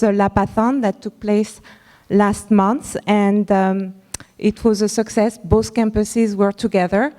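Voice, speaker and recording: A woman, a school's director of advancement, presenting at a member forum and speaking haltingly with many fillers. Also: mid-range voice, mellow, long reverb tail. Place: large hall at a school forum.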